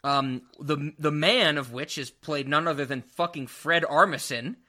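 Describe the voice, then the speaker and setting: A man hosting a casual movie podcast, animated, laughing and swearing freely. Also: a little high, measured pace. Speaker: podcast host. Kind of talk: casual movie review chat.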